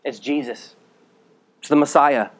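A man preaching a sermon as a pastor, reading scripture aloud and explaining it, speaking directly to his listeners and dropping to a low, quiet voice for emphasis. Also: a little slow. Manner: earnest, direct address to listeners.

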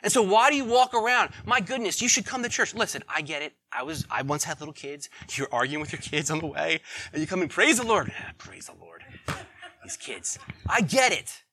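A man preaching a sermon in a conversational way, asking the congregation questions and swinging between loud emphasis and quiet asides. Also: fairly high pitch, animated, fairly quick, a little hiss or hum. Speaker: pastor.

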